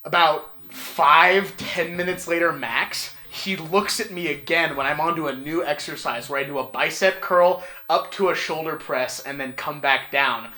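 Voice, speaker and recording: A man spins a long story in loose podcast chat, with a slightly high voice that has a bright, forceful edge. He swears casually and keeps the telling animated. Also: a little slow, few pauses. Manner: animated, swearing, laughing through his story. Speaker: podcast co-host.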